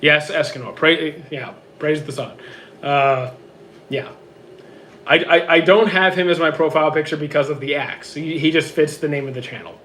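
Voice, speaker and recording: Man, hoarse tired voice, fairly high pitch, offhand answers to chat questions, faint background hum. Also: normal speed, fairly bright tone. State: hoarse, worn-out voice. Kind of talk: casual livestream chat. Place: home with roommates.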